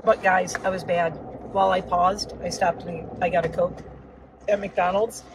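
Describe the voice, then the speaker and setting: A woman's voice: on the low side, level tone, normal speed, background noise. A woman chatting casually while driving, rambling with lots of asides and a slightly sore throat. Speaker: vlogger. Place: inside a car on the road.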